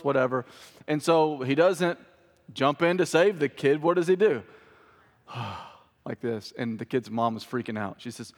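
A man's voice: on the high side, brisk. A man pastor giving a sermon in a church, casual and joking with the congregation. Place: church sanctuary. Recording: hall reverb.

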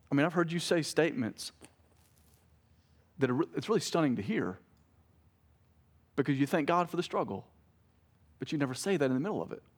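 A man's voice: fairly high pitch, husky. Conversational man preaching. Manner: conversational preaching with family anecdotes and self-corrected jokes. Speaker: pastor. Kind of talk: sermon.

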